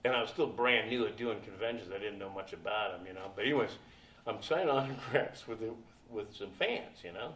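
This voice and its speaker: A man's voice: on the low side, brisk, a bit bright, a little hiss or hum. A man in his sixties, a guest at a convention panel, telling a profane, laughing anecdote and acting out the people in it. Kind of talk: anecdotal storytelling to an audience. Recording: echoey room from a distance.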